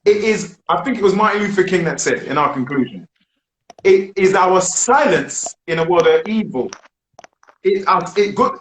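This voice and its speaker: A British man with a slightly raised pitch leads a group discussion. He speaks emphatically and poses rhetorical questions to make his points. The room sounds echoey, with faint noise behind him. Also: expressive, moderate pace, a bit bright. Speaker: discussion host.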